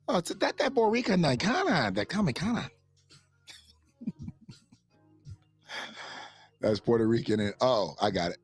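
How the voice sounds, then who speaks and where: A low, husky man hosts a casual livestream, rambling and cursing freely as he reacts to chat. His pitch leaps up and down animatedly, and he laughs often. The sound is dry and close, with faint music playing behind him. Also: no echo. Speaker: livestream host.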